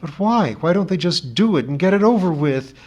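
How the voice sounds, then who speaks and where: A man putting on a teenage girl's voice, pitched far above his own. She pleads and argues with raw emotion, defiant one moment and scared the next. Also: lively intonation, brisk, darkish tone. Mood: frightened. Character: frightened, defiant teenage girl.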